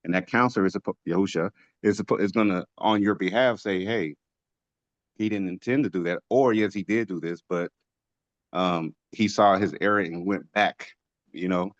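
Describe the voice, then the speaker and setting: A man's voice: low-pitched, steady tone, normal speed, dry recording, muffled recording. A man leading a casual religious study discussion, making his points emphatically and asking rhetorical questions. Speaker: teacher of a religious study group.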